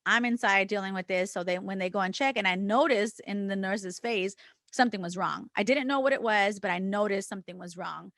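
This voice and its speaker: A woman's voice: mid-range voice, a little fast, a bit bright, no echo, studio quality. A woman co-hosting a podcast, telling an emotional personal story with candid language and quoted back-and-forth dialogue. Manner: acts out quoted dialogue with others; casual swearing. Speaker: podcast co-host. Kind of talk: casual podcast conversation.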